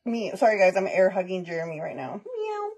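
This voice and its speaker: A woman's voice: on the low side, fast, gravelly, a little mellow, slightly rough. A middle-aged woman chatting casually on a makeup livestream, giggling, greeting viewers by name and mixing Spanish phrases into her English. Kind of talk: casual live-stream chat.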